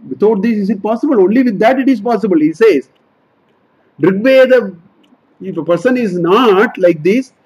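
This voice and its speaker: A Vedanta teacher leads a scripture study class, explaining verses line by line and often repeating and correcting himself. His voice sits high with a darkish, husky tone, and the recording quality is low.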